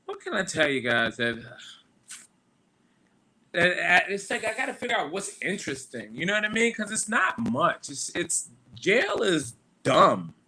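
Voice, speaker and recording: Bright-voiced man telling loose stories. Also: a little high. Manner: loose, profane storytelling with lots of fillers. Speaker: podcast host. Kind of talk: casual live-stream monologue.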